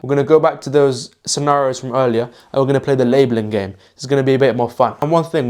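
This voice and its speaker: A man's voice: medium pitch, a little mellow. A young man talks through a social skills lesson as if chatting with a friend. He keeps it loose and laughs at his own clumsy phrasing. He slips into little acted examples of conversations as he goes. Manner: chatty, laughs at himself, acts out example dialogues. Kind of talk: casual instructional talk.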